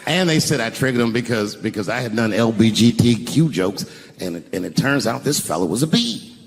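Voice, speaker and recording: A man performing a stand-up comedy set, animated and shouting the punchlines, recorded live in a large echoey venue with the audience heard behind him. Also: mid-range voice, brisk, gravelly, background noise.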